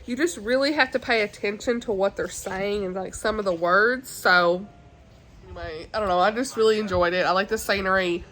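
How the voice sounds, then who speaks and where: A woman's voice: medium pitch, brisk, fairly bright tone, rough recording. A woman chatting casually as a book vlogger, giggly and talkative. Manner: chatty, giggly, often says y'all. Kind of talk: casual chat.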